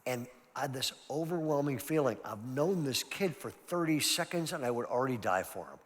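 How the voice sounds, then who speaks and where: A man's voice: medium pitch, animated, brisk. An older man, a pastor, giving a conversational, emphatic seminar talk full of personal stories. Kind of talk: sermon-style seminar talk. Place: large church hall. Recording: long hall reverb.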